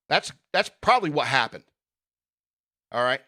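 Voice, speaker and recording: Man, podcast host, bright forceful voice, blunt, sarcastic, rambling news rant. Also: mid-range voice, animated, normal speed. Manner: blunt and sarcastic, with frequent fillers and laughs. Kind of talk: casual opinion rant reading news.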